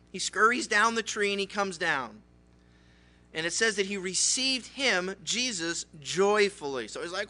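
A man preaching a Bible study sermon, telling the story in a lively way. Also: sits high, normal speed. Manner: animated storytelling, acts out characters. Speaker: pastor.

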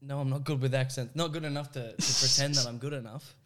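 A man's voice: medium pitch, fairly even intonation, fast, heavy background noise. A man, a comedian guest, chatting and joking in a loose, improvised way. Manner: jokey, laughs often, jumps into silly accents.

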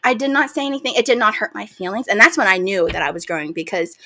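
A woman co-hosting a podcast, telling a personal story in casual chat, expressive and reflective. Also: mid-range voice, quick pace. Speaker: podcast co-host.

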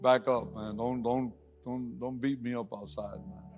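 A man preaching and praying, who jokes casually, says "man" a lot, then rises to loud, fervent prayer. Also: medium pitch, steady tone, a little slow, soft background music. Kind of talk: sermon and prayer.

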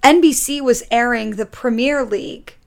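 A woman in her twenties, a guest on a podcast, chatting in an animated way and saying "like" a lot. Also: a little high, normal speed, gravelly. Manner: chatty and animated, fills speech with "like". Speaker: podcast guest, actor and YouTuber. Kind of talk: casual chat.

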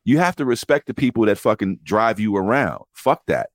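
Man, lively pitch, dry close sound, swearing raconteur host. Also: moderate pace, no room sound. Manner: animated, profane, acts out quoted voices. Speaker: podcast host telling rideshare driver stories. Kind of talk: casual storytelling chat.

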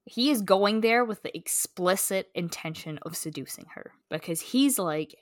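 A woman's voice: medium pitch, lively intonation, moderate pace, few pauses, no echo, studio quality. A woman co-hosting a book podcast, chatting casually with lots of "like" and "um" and reading romance passages aloud. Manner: chatty, lots of "like" and "um", reads prose smoothly.

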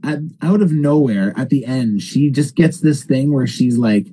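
Podcast co-host, male, dark husky voice, animated rant full of fillers. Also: medium pitch, unhurried, poor audio. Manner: animated, swearing, frequent filler words. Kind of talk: casual movie review rant.

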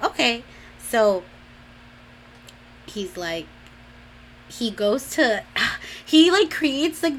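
With slight background noise behind her, a young woman raised in a Mexican-American home gossips through a drama recap, packed with fillers and acted-out lines. Her voice runs on the high side and sounds a bit bright.

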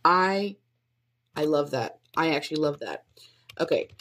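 Low-voiced woman thinking aloud. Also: lively intonation, measured pace, fairly bright tone. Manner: tries out upbeat intro lines, then comments on them. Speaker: aspiring podcast host. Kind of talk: solo test recording, thinking aloud.

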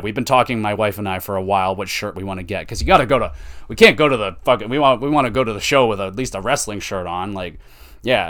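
A young man hosting a wrestling podcast, casually recapping matches with excited outbursts and plenty of swearing. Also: mid-range voice. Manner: excitable, swears freely, ranting.

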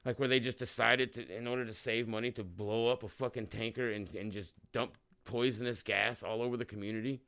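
Bright, profane ranting man. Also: medium pitch, steady tone, a little fast, gravelly, few pauses. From Oklahoma. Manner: profane, heated, swearing freely. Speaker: show host. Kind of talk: ranting commentary on a clip.

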